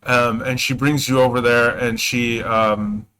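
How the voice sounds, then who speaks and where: A man's voice: medium pitch, flat delivery, unhurried, pushed and bright, smooth, poor audio. A man narrating as game master, hesitant and full of fillers and self-corrections.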